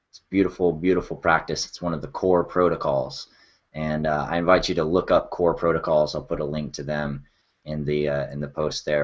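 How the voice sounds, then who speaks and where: A man leading a guided emotional check-in, speaking slowly and softly with frequent sighs and open feeling. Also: rumbling low. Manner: slow, soft, sighing, emotionally open. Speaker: workshop leader. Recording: dull lo-fi sound.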